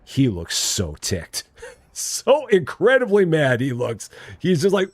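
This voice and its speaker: Man, game streamer, casual live commentary, chatty, animated pitch. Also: slow, breathy edge, dry recording. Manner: chatty, joking, greets chat viewers.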